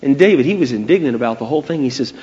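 A man preaching a sermon, retelling stories in an animated way and speaking straight to his listeners. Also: medium pitch, very fast, dull audio.

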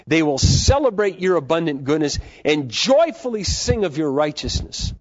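A man with a fairly high voice preaches a sermon as a pastor, swinging from loud, fervent declarations down to soft, hushed asides. The recording is dull and lo-fi. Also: sing-song, normal speed, no room sound.

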